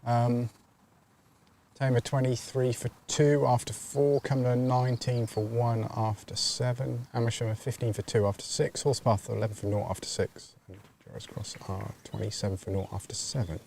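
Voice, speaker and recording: A man, a father, calmly giving scores and ground details in casual commentary. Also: mid-range voice, gravelly, slight background noise. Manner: measured, informative, reads out scores. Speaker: cricket commentator. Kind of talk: casual live stream commentary.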